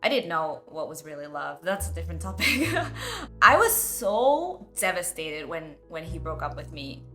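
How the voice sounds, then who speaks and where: A woman's voice: low-pitched, sing-song, normal speed, fairly bright tone, faint music behind. A woman hosting a self-development video, telling a personal story in a candid, chatty way full of "like.". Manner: candid, chatty, heavy use of "like".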